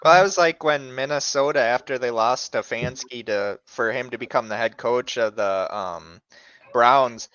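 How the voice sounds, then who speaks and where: A man's voice: mid-range voice, moderate pace, fairly bright tone, smooth, no room sound. Opinionated man, dull lo-fi sound. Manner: profane, opinionated, name-dropping. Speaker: podcast co-host. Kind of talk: casual sports chat.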